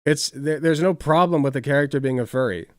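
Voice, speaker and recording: A man's voice: on the high side, a little fast, dry recording, clean studio sound. A man chatting casually on a live stream, rambling and swearing with many filler words while reacting to videos.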